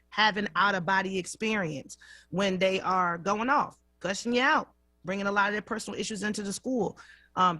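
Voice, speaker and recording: Bright-voiced woman radio host. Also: mid-range voice, no room sound, studio quality. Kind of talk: radio talk show conversation. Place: radio studio.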